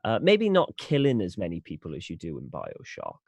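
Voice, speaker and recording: Guy, tired, rambly, swoops around a lot in pitch, lowish voice, dry sound. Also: huge pitch swings, a little fast, gravelly, darkish tone, dry recording. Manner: self-deprecating, rambling with restarts. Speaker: player. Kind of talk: casual chat before a tabletop game.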